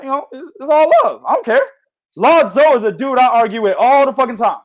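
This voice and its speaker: A high-pitched man hosts a boxing show with loud, passionate, profane chatter. He talks like this all the time, heated and unfiltered. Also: animated, a little fast. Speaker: boxing podcast host. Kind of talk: heated casual chat.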